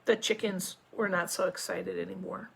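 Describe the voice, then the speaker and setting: A woman school principal reading a picture book aloud to children, with animated storytelling and chatty asides. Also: fairly low pitch, normal speed, vocal fry, slightly rough. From United States.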